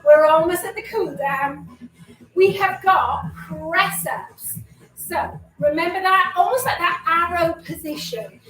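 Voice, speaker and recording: Coaching a live online exercise class from home, this woman speaks slowly in a very high, fairly bright voice, a little winded as she gives upbeat cues, counts down and chats between moves. The indoor room echoes, she sits far from the mic, and soft music plays in the background.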